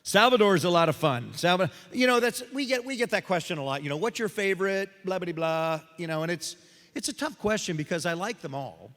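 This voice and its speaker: A male voice actor guesting on a convention panel speaks a little fast in a high-pitched voice. He tells animated, joking stories, acting out the voices in them, and answers audience questions, all in a reverberant hall.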